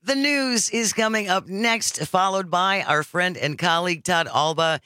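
A man's voice: sits high, a little slow, pushed and bright, clean tone, dry recording, studio quality. A man hosting a talk radio show, chatting casually with his co-host and wrapping up with station promos. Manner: upbeat, wraps up with station promos. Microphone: studio microphone.

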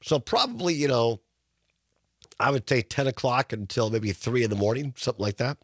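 Male talk radio host, under the weather, hoarse and chatty, dry close mic. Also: medium pitch, expressive, normal speed, no echo. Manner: chatty, with many fillers and restarts. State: hoarse from illness.

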